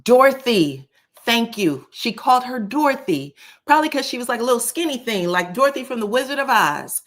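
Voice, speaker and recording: A woman doing casual live-stream commentary, chatty and animated, talking straight to her chat. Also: a little high, quick pace. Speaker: livestream commentator.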